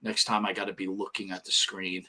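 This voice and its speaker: A man's voice: deep voice, little pitch movement, fairly quick, pushed and bright. An older man co-hosting a casual live wrestling show. He rambles, swears freely and reads out names from the chat. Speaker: podcast co-host.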